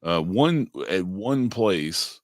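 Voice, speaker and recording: A man co-hosting a podcast, telling stories in unhurried casual chat with many fillers. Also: deep voice, animated, no room sound, studio quality. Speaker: podcast co-host.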